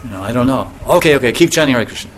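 A man's voice: mid-range voice, animated, rapid-fire. A man teaching as a spiritual teacher in a casual devotional talk, often chuckling, restarting sentences and acting out little scenes in voices. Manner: acts out voices in anecdotes.

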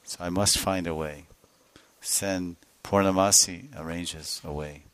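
Man, low voice, smooth resonant tone, devotional sermon, storytelling, soft laughs between phrases. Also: steady tone, unhurried, no room sound. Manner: acts out voices of the figures in the story. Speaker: spiritual teacher.

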